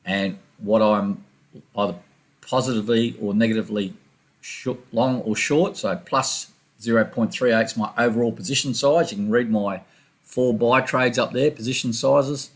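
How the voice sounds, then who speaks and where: A man talking quickly and loosely through his trading charts, with run-on sentences and restarts, as a screen-recorded voice-over. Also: mid-range voice, steady tone. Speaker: forex trader reviewing his trades. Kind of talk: casual chart walkthrough.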